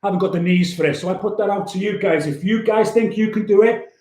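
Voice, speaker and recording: High-voiced upbeat man. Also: fast talker, warm tone, roomy sound. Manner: upbeat, chatty, laughs often. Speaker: youth worker. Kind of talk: casual livestream chat. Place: room at home.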